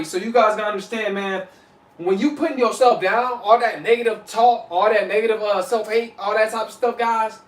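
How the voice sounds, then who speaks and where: A man giving casual spiritual advice as a vlogger, loose and repetitive, saying "you know what I'm saying" often. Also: sits high. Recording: echoey room, mic at a distance.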